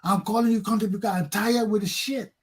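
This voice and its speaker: Liberian talk show host, fiery preachy delivery, husky, slightly high voice. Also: male voice, steady tone, a little fast. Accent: Liberian English. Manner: preachy and fiery, swings from low intensity to shouting. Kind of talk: impassioned monologue.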